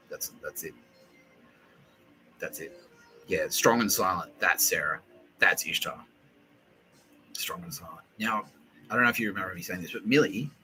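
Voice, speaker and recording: A man hosting a solo podcast, rambling excitably with lots of swearing and laughter, often acting out what others said. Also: fairly low pitch, low-quality recording. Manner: excitable, profane, laughing, acts out quoted voices. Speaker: podcast host.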